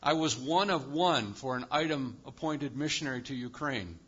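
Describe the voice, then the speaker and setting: Male pastor preaching, punchy and emphatic, big loud highs and quiet lows, kinda muffled lo-fi sound. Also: moderate pace, breathy edge. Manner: emphatic, animated preaching with sudden rises and quiet drops. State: lives with chronic pain. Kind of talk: sermon.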